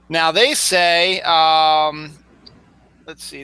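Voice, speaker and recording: Man, podcast co-host, very bright tone, higher pitch, playful chatty talk, stumbling restarts. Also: steady tone, takes it slowly, clean tone, no echo, low-quality recording. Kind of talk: casual chat.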